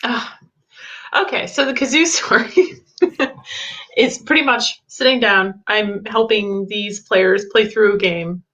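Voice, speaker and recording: A woman's voice: medium pitch, sharp tone. A woman co-hosting a casual chat, laughing often as she tells stories. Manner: giggly, laughs through her stories. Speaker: podcast co-host, game demo runner. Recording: slightly dull lo-fi sound.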